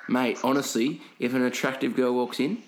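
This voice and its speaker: A man's voice: mid-range voice, fairly even intonation, normal speed, a crowd in the background. A young Australian man, a podcast co-host, telling a sweary story in casual chat and mimicking other people's voices.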